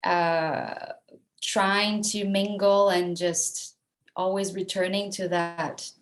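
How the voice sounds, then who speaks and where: A woman with a slightly low voice speaks slowly and thoughtfully over a video call. She describes herself in an unhurried, introspective way. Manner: reflective, thoughtful. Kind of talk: casual online group chat.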